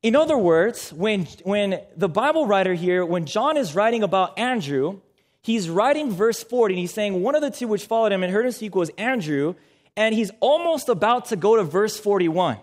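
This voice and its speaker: A man's voice: high voice, expressive, normal speed. A young man preaching a sermon, engaging the audience with questions and calls for responses.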